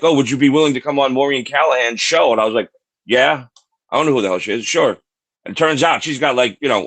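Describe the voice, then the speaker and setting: In a dry recording, a man with a medium-pitched, fairly bright voice co-hosts a podcast. Chatting casually, he rambles through a long story, repeats his words and swears freely.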